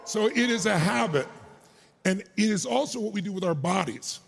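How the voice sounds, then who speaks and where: Gravelly, high-voiced man pumping up a crowd. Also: moderate pace. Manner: energetic, crowd-pumping, shouting; crude, joking asides. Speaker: motivational speaker. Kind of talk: motivational speech to a live crowd. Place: arena stage.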